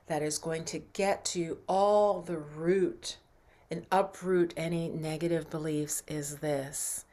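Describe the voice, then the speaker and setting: A woman mindset coach talking earnestly to her viewers, guiding breathing and affirmations in a slow, soft voice. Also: low voice, fairly even intonation. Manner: earnest, encouraging, slows and softens for breathing exercises. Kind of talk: coaching talk with guided affirmations.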